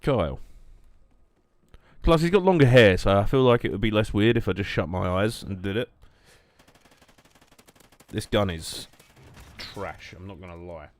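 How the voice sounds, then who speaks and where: A young man with a deep, low voice chats idly over his gameplay. He rambles, cracks jokes and answers his viewers in an easygoing monotone. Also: measured pace, long pauses, no room sound. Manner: rambling, jokey, reacting to chat. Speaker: streamer. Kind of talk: casual gameplay stream chat.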